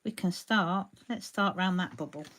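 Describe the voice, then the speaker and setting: A crafting demonstrator hosts a live tutorial, chatting and greeting viewers by name as she paints. Her voice is fairly low and a little bright, her pace moderate, with slight background noise audible.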